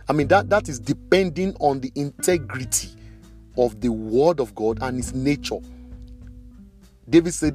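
A man preaching a sermon, emphatic, slowing down to stress key phrases. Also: a little high, a little mellow.

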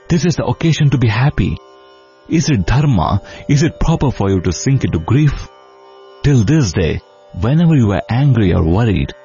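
Earnest young prince begging his dad, read by a guy, low mellow voice, kinda dull lo-fi audio w faint sitar. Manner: earnest, imploring, rising in pitch. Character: young prince pleading with his grieving father.

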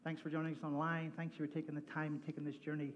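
Man, pastor, high voice, chatty and energetic, church stage mic, slightly muffled sound, faint room hum. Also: fast. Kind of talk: sermon opening. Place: church hall.

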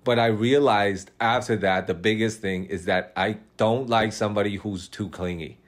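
A man's voice: lowish voice, fairly even intonation, normal speed. A young man in casual chat, rambling and cursing as he tells dating stories, laughing often. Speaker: podcast host telling dating stories.

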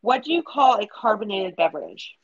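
A woman's voice: medium pitch, sing-song, brisk. A woman with a Southern American accent co-hosting a podcast, chatting casually and laughing as she tells stories. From Southern United States. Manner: giggly, chatty, quotes others in voices. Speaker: podcast co-host. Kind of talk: casual chat. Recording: dull lo-fi sound.

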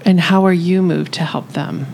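A woman's voice: lowish voice, fairly even intonation, moderate pace, creaky, darkish tone, a little hiss or hum, rough recording. A woman hosting a faith discussion, asking questions and encouraging the others. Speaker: podcast host asking questions.

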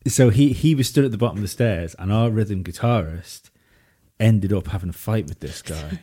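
A man's voice: lowish voice, normal speed, mellow, breathy edge, no echo. A man hosting a podcast, telling stories in a rambling way with many restarts. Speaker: podcast host. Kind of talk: casual podcast chat.

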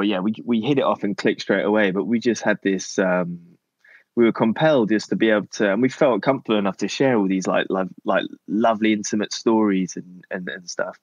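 A man in his thirties from Cornwall, England, with a Cornish English accent, chats casually as a podcast guest in a fairly low voice. He's halting, often restarting and interrupting his own sentences and chuckling a lot, on a lo-fi recording with no room sound.

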